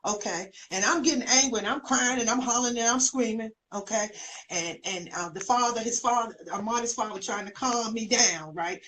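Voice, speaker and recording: A woman's voice: a little high, brisk, a bit bright. An older woman tells a personal story in an interview, acting out the voices of others. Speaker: guest, mother of a missing young man's family. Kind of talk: emotional personal account.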